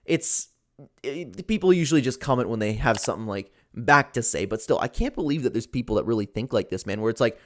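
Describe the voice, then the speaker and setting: A man's voice: mid-range voice, lively intonation, a little fast, a bit bright. A young man giving casual, opinionated commentary on fight news, with lots of fillers like "like" and "man".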